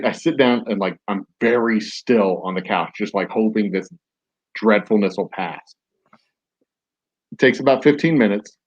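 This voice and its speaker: A man's voice: fairly low pitch, slightly rough, dull audio. Rambling man telling a story. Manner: rambling, with many "like"s and restarts. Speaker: podcast host. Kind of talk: casual storytelling.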